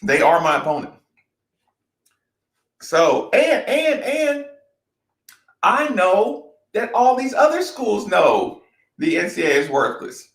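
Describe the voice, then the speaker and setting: A man with a gravelly, slightly high voice talks slowly and bluntly, hammering his points home through repetition. He swears without apology in candid talk-show chat. The sound bounces around an echoey room. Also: very animated.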